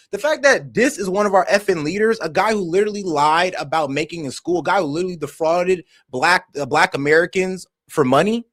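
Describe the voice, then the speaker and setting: A man's voice: high voice, dry recording, clean studio sound. A man hosting a live reaction stream, delivering heated commentary with passionate, profane ranting.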